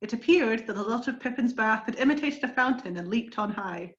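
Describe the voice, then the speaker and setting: A woman reading a song from a book aloud on a video call, gentle and slightly hesitant. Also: fairly high pitch, animated, brisk, a little hiss or hum. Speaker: reader. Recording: dull, roomy video call audio.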